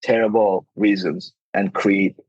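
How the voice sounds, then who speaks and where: A man's voice: fairly low pitch, fairly even intonation, a little slow, breathy edge, no echo, highs cut off. A man appearing as a guest in a podcast interview, speaking earnestly and emphatically. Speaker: game studio CEO, podcast guest.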